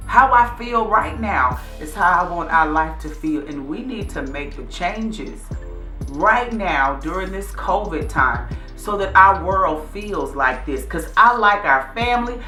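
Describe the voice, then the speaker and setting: A bright, forceful woman's voice, middle-aged and chatty, speaking warmly to her viewers. The room sounds echoey, with faint music playing behind her. She talks in a relaxed, encouraging way. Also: mid-range voice, measured pace. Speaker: vlog host. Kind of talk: casual chat to viewers.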